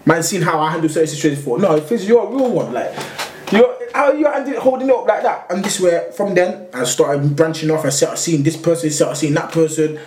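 A man's voice: fairly high pitch, a little fast, hardly any pauses. A man with a London accent telling a long story in casual, slang-filled chat. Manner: slangy, rambling, animated retelling. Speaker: podcast guest telling his story. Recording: echoey room with faint noise.

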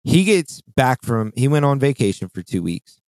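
A man's voice: mid-range voice, sing-song, moderate pace, darkish tone, no echo. A man chatting casually on a podcast, telling a rambling, profane story as he vents about work. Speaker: podcast co-host.

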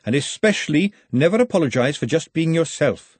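A man doing a brisk, bossy woman cook. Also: fairly high pitch, very animated, no echo, pitched above the performer's own voice. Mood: firm. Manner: snappish, bossy, motherly.

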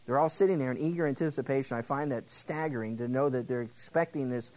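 A man's voice: medium pitch, fast talker, few pauses, a little mellow, rough recording. A male pastor giving an expository sermon in a conversational way, with frequent asides to the congregation.

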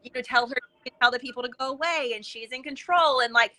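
A woman with a fairly high, very bright and clear voice, chatting as a podcast guest. She tells her stories with lively energy, slipping into the voices of the people she quotes. Her talk is loose and full of casual fillers. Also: fast, low-quality recording. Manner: lively, acts out quoted dialogue with many fillers. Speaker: interview guest, intuitive coach. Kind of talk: animated conversational storytelling.

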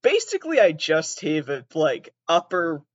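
A man's voice: fairly high pitch, very animated, unhurried, dry recording, lo-fi sound. A man with an upper Midwestern, near-Canadian accent hosting a casual solo podcast. He rambles, laughs mid-sentence, swears freely, and pokes fun at himself. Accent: upper Midwestern / southern Canadian. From southeastern Massachusetts. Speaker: podcast host.

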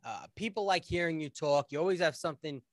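A man's voice: on the high side, fast, no echo. A man with a New York accent, a podcast guest telling blunt, profanity-laced stories in casual chat.

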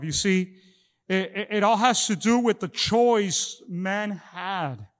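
A middle-aged man preaching a sermon as pastor, often repeating words as he talks. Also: sits high. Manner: halting with many repeated words. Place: church hall. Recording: long echo of a large hall.

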